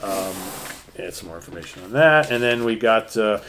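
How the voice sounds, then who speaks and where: A man's voice: lowish voice, expressive, normal speed, a bit bright. A man casually retelling a comic book story as a podcast co-host, with loose fillers and acted-out lines.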